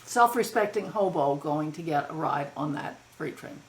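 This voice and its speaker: A woman's voice: sits low, animated, normal speed, poor audio. A woman co-hosting a casual live music stream, teasing her partner with dry back-and-forth. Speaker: co-host.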